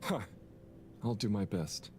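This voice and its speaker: A mild, flustered young janitor in a video game, hesitant and polite, with a sing-song voice that swings high and low. He sneezes now and then, and faint noise sits under the voice. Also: animated, slow pace, darkish tone. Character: gentle awkward young man janitor, easily flustered.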